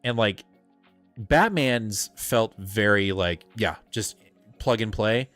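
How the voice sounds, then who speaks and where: A man with a lowish voice rambles excitedly through a casual live-stream chat. He co-hosts a comic book show and drops filler words and casual swearing as he goes. Faint music plays behind him. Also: slow pace.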